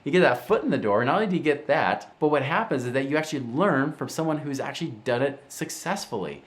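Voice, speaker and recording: Talking fast in a mid-range voice, this middle-aged finance show host addresses the camera casually. He tells his stories with animation, performing the quoted voices of the people in them.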